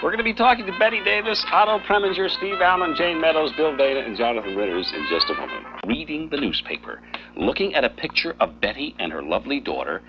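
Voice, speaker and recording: A man's voice: on the high side, animated, fast talker, music in the background. A man hosting a morning radio show, bantering playfully with guests, on a dull 1960s recording with faint hum. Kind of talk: breezy radio interview.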